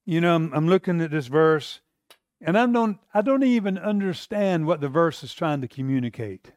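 A man's voice: on the high side, animated, moderate pace, a little mellow, no room sound, clean studio sound. A middle-aged man preaching a sermon as a pastor, telling a personal story in an earnest, conversational way. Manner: storytelling, earnest and conversational, with acted-out inner quotes.

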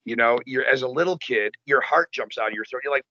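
A man talks in a casual chat, animated and profane as he tells his stories. His voice is bright and forceful. The recording sounds dull and lo-fi. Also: mid-range voice, brisk.

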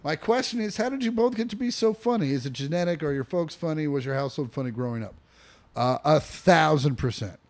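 A young man chats casually as a podcast co-host, rambling through stories with fillers, restarts and plenty of swearing. His voice sits a little on the high side for a man. He talks from a living room. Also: lively intonation, brisk.

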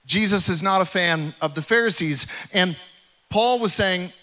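A male pastor preaching a sermon in an animated way, acting out the voices from scripture. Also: high-pitched, unhurried.

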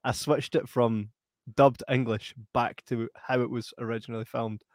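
A man's voice: mid-range voice, steady tone, moderate pace, no echo, clean studio sound. A man co-hosting a live stream, chatting casually, laughing often and reading out comments. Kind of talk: casual chat.

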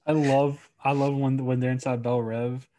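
A man talks through a film with his friends in a loose, rambling way. His pitch sits in an ordinary middle range, and he drops into quick impressions of lines from scenes as he goes. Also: noisy background. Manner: relaxed, rambling, acts out quotes. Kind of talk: casual movie chat.

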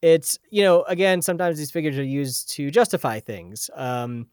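A man's voice: fairly high pitch, expressive, moderate pace, a little mellow, clean tone, no room sound, studio quality. A man co-hosting a podcast, telling folklore in a loose, casual way, laughing often and swearing freely. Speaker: podcast co-host. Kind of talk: casual chat, reading folklore notes.

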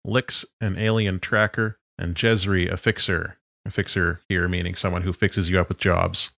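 Low voice guy game-mastering, chill, explains stuff, dry kinda muffled mic. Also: normal speed, creaky, no echo. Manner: relaxed, explains rules plainly. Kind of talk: narrating a tabletop game.

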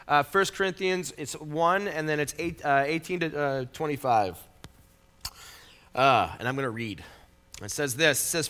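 Bright-voiced man preaching casually. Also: fairly high pitch. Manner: casual, storytelling, laughs often. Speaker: pastor. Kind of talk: sermon. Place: church in a big city.

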